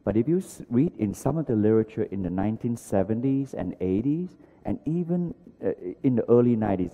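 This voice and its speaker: A man's voice: lowish voice, warm tone. A man in his sixties giving an earnest academic conference lecture, often repeating words and using non-native grammar. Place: large conference hall. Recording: dull lo-fi hall recording.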